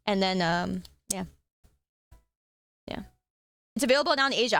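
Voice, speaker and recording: A young woman streamer chatting casually at her desk, swearing freely and breaking into loud joking rants. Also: mid-range voice, animated, normal speed, pauses often, no room sound. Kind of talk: casual live-stream chat.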